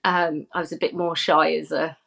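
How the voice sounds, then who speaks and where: A woman's voice: sits low, level tone, normal speed, gravelly, a bit bright. A woman telling an anecdote as a podcast guest, chatty and giggly, with plenty of fillers. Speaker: podcast guest, former film extra. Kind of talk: casual chat, anecdote.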